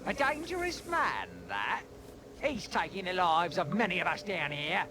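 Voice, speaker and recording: An actor playing a gruff middle-aged male sewer thief guard with a British accent and rough folksy speech, in game voice acting. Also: high voice, very animated, unhurried, noisy background. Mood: gruff warning. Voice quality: rough folksy dialect, calls people lad.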